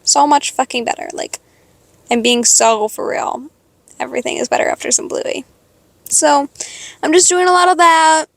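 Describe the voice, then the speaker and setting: An eighteen-year-old woman venting to her followers in a profane, sarcastic rant, jumping between loud outbursts and quiet mutters. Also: sits high, moderate pace, gravelly, pauses often, no room sound. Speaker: vlogger. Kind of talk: venting to camera.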